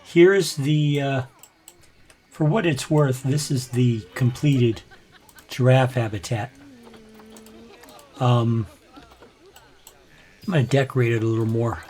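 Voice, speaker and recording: An older man with a gravelly voice, casually commentating as he plays a game, now and then clearing his throat. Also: medium pitch, slow pace, pauses often. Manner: relaxed, chatty, frequent throat clearing. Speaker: gaming channel host. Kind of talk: let's play commentary.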